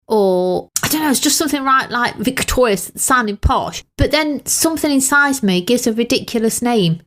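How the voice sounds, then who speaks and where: A woman's voice: on the high side, animated, moderate pace, few pauses, fairly bright tone. A woman co-hosting a casual chat podcast, telling cheeky stories and laughing often. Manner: giggly, storytelling, cheeky. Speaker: podcast co-host.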